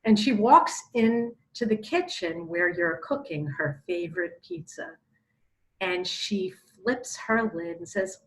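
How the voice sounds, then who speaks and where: Woman spiritual teacher, casual talk, expressive and lively. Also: mid-range voice, measured pace, rough recording. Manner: animated, expressive storytelling.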